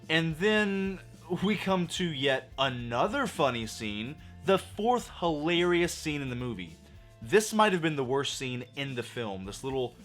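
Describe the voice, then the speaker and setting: A hoarse man tears into a film with exasperated, profane emphasis. His voice sits a bit high for a man. Soft music runs behind him. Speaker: movie reviewer. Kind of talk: ranting film review.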